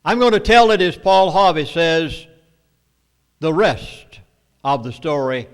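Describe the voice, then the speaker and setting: A man with a Southern US accent lecturing an audience, emphatic and storytelling, with dramatic pauses. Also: fairly high pitch. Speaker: speaker at a meeting. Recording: long hall reverb.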